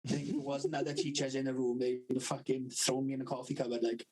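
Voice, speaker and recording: Husky Welsh man telling rough stories. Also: medium pitch, little pitch movement, quick pace, a little mellow, rough recording. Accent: South Wales Valleys. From Wales. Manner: swears constantly, laughs through his stories. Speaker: podcast co-host. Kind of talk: casual storytelling chat.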